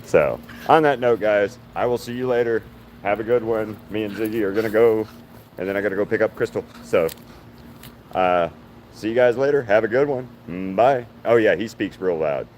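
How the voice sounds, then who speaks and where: A man with a very low voice chats loosely on a livestream, trailing off and restarting as he goes. He is outdoors on grass and talks into a handheld phone, with steady background noise in the recording. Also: moderate pace. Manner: rambling, chatty, with many restarts. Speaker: artist hosting a livestream. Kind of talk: casual livestream chat. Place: outdoors on grass walking a dog.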